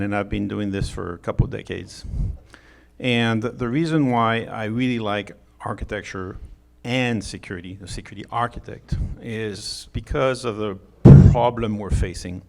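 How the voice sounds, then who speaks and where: A man's voice: lowish voice, creaky. A middle-aged man from France with a French accent, giving a joking, chatty conference talk with many fillers and restarts. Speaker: conference speaker. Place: conference hall.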